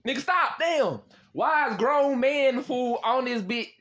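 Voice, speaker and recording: Lively, slangy young man. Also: extremely high pitch, takes it slowly. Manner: slangy, swears often, loud exclaiming reactions and laughs. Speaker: host chatting with strangers on a random video chat app. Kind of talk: casual chat.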